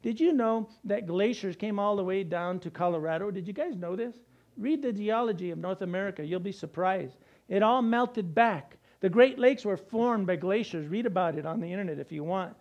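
A male pastor delivering a sermon, animated and conversational, with asides to the congregation. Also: high-pitched, normal speed.

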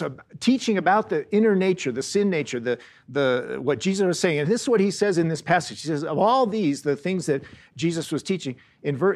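A man preaching a Bible lesson, earnest, often repeating words and slowing down to stress key phrases. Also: a little high. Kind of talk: Bible teaching sermon.

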